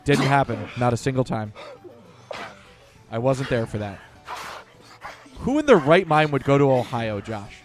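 A man hosting a podcast, chatting in a relaxed, wry way about his travels. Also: medium pitch, a little slow, pauses often, faint music behind. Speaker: podcast host. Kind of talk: casual chat.

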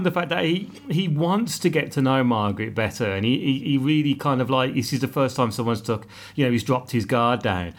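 A man's voice: medium pitch, a little fast, few pauses. A man hosting a podcast episode review, chatting casually with lots of restarts, asides and jokes. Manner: rambling, full of restarts and asides, jokey. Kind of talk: casual chat.

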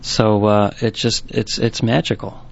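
A man's voice: on the low side, flat delivery, a little slow, vocal fry. A man who owns a bookstore, telling rambling anecdotes in an interview with many restarts. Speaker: bookstore owner. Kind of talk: storytelling interview. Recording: dull, lo-fi recording.

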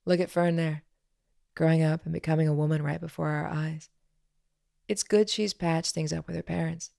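A playful, good-humored man teases a friend in a low, slightly gravelly voice, read by a woman. Gentle and easygoing, a storybook figure. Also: fairly even intonation, moderate pace, no room sound, studio quality. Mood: teasing. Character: teasing, warm-hearted man, a trader.

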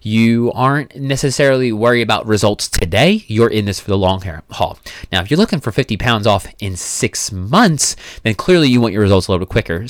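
A man's voice: medium pitch, no echo, studio quality. A young man talking as a fitness coach in a casual monologue, blunt, emphatic and full of profanity.

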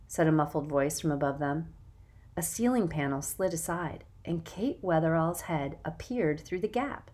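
Woman narrating an audiobook, low-pitched. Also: expressive, moderate pace, a little mellow.

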